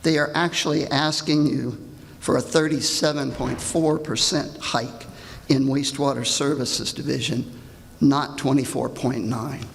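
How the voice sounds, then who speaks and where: An older man speaks at a public hearing, reading his prepared comment in a pointed, indignant tone. His voice is gravelly and sits at a middling pitch. The sound carries the long echo of a large hall. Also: fairly even intonation, measured pace. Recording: reverberant hall.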